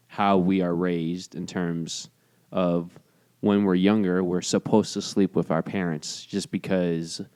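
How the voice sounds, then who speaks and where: A man's voice: low voice, a little mellow, clean tone, dry recording, clean studio sound. A man co-hosting a casual podcast, explaining a topic earnestly with frequent restarts. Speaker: podcast co-host. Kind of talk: casual chat.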